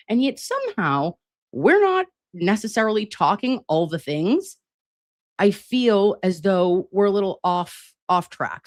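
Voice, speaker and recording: A woman's voice: fairly low pitch, dry recording, studio quality. A woman hosting a casual livestream from home at her laptop, chatty and profane, calling her viewers lovies and babes. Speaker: livestream host. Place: home, at a laptop with air conditioning running. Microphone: laptop setup.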